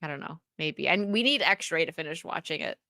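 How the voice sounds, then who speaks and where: A woman's voice: sits low, expressive, brisk, pushed and bright, no echo, clean studio sound. An American woman co-hosting a casual live stream, giggling often as she reads out donations. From United States. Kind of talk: casual chat.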